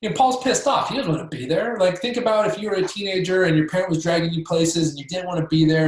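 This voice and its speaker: A man runs a casual training session, talking listeners through how to handle patients and slipping into acted-out example conversations. His voice sits a bit high, and it bounces around a very reverberant room. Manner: coaching, checks in with listeners with frequent "okay?"; acts out sample conversations with patients. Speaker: chiropractic practice trainer. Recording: very echoey room.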